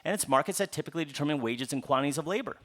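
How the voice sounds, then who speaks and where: A man gives a public book talk. His voice sits somewhat high for a man and swings widely in pitch. He asks rhetorical questions and answers them himself, with playful asides aimed at the audience. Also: expressive, very fast, fairly bright tone. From Upper Midwest United States. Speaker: author giving a book talk. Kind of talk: public lecture to a live audience.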